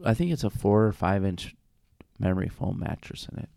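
A man's voice: lowish voice, animated, brisk, gravelly, dark tone, no room sound, clean studio sound. A man co-hosting a podcast, chatting casually in a playful, teasing way into a desk mic. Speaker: podcast co-host. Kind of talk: casual chat. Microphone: desk microphone.

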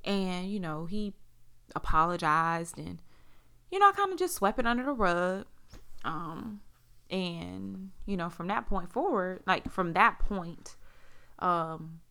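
A woman's voice: lively intonation, slow pace, gravelly, bright, forceful tone, clear, resonant tone. A woman in her forties, originally from Las Vegas, telling a personal story in a candid, blunt way, swearing freely and acting out what people said. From Las Vegas, USA. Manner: acts out quoted speech with big jumps in pitch.

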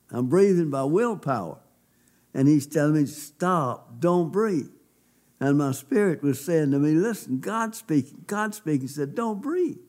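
Male pastor, slightly high voice, emphatic folksy testimony from the pulpit. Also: mellow. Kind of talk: sermon testimony.

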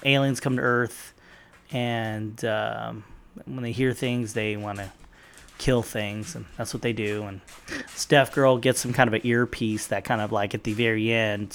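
A man's voice: mid-range voice, fairly bright tone, slight background noise. A young man hosting his own podcast, chatting loosely and profanely with lots of fillers. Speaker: podcast host. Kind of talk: casual solo podcast chat.

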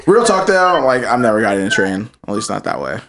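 A man's voice: lowish voice, big pitch swings, brisk. A laid-back man from Virginia chatting casually and joking, swearing freely. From Richmond, Virginia, US. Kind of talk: casual chat. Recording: noisy background.

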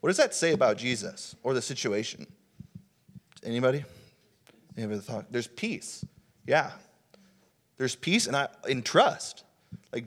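Preaching casually and conversationally, a young man with a medium-pitched voice keeps using fillers and starting his sentences over.

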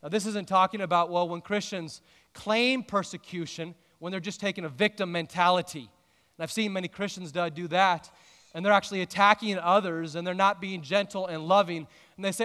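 A man preaching a sermon as pastor, earnest, with emphatic rises and drawn-out pauses. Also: high voice, steady tone, bright, forceful tone, clear, resonant tone. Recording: long hall reverb.

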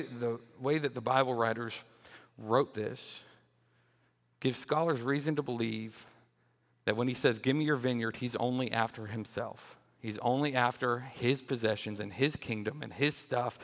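Young male children's minister preaching a jokey, animated sermon, mid pitch, hall reverb. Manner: lively, jokey, often repeats words when restarting.

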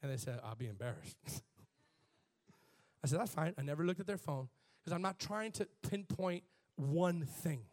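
A pastor preaching a lively sermon to his congregation, leading chants and call-and-response and rising to shouts. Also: a little high, normal speed, pauses often. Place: church before a live congregation.

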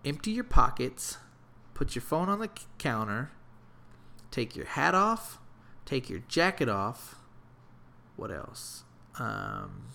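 A man telling a story in a casual, profane, animated rant. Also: medium pitch, vocal fry. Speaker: vlogger.

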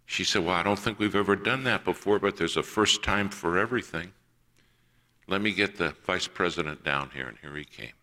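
Male preacher, low and forceful, telling a story from the pulpit and playing each voice in it. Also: normal speed. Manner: acts out quoted voices in a personal story. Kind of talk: sermon storytelling.

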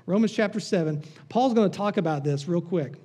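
A pastor delivers a sermon in a high, mellow voice. He is conversational and teasing with the congregation. He drops soft and hushed when he prays. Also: brisk, slightly rough.

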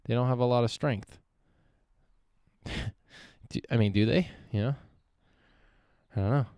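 This solo podcast host is a young man who meanders, curses freely and keeps interrupting himself, trailing off and starting over. He speaks a little slowly in a medium-pitched, warm, smooth voice, and the clean studio sound has no room echo.

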